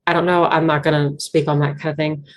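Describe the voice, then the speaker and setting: Young Appalachian woman, low register, Southwest Virginia accent; casual, earnest interview talk, filler-heavy. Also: flat delivery, fast talker. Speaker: interview guest, banjo musician.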